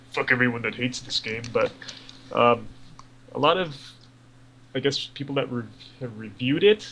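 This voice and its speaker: A man talks casually on a podcast, rambling through his thoughts with plenty of fillers and the odd curse. His voice has a gravelly, creaky edge. A faint noise sits under the recording. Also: medium pitch, fairly bright tone, rough recording. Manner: rambling, profane, lots of fillers. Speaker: podcast co-host. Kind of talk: casual gaming chat.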